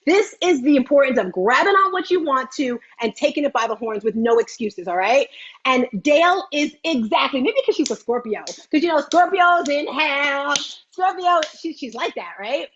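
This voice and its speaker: A woman hosting a motivational livestream, talking in a chatty, animated way with teasing asides. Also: high-pitched, normal speed, muffled recording, a little hiss or hum. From United States. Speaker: host. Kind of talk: lively motivational livestream talk.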